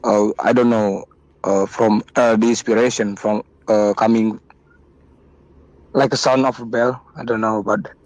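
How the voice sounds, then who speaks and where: A man's voice: on the low side, little pitch movement, darkish tone, dry recording, low-quality recording. Hesitant, stammering man on a call. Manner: halting, stammering, many fillers. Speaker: caller.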